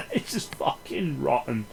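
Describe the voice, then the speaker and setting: A man's voice: mid-range voice, sing-song, slow, gravelly, darkish tone, a little hiss or hum, low-quality recording. Rambling, sweary man. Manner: rambling, sarcastic and sweary, with many restarts. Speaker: film reviewer. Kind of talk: casual spoken film review.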